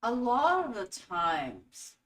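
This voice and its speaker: A woman hosting a spiritual teaching talk, telling stories in an animated way and acting out quotes. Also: a little high, slow. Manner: animated storytelling with acted-out quotes. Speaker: host. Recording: echoey room, voice from a distance.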